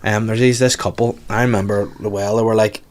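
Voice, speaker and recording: A man with a Belfast accent, a podcast guest telling lively anecdotes in casual chat and swearing freely. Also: fairly low pitch, brisk. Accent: Northern Irish, Belfast.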